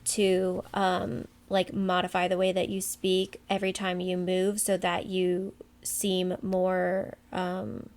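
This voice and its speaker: Wanita muda yang cerewet, suaranya agak serak. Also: female voice, lowish voice, completely flat delivery, slow, few pauses, darkish tone. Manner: chatty, many fillers and asides. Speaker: podcast co-host. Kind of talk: casual chat.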